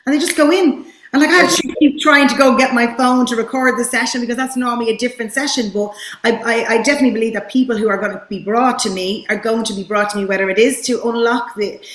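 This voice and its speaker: A woman's voice: a little high, steady tone, fast talker, hardly any pauses. A woman hosting an interview as a therapist, speaking casually and enthusiastically with frequent restarts. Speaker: host, therapist. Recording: echoey room.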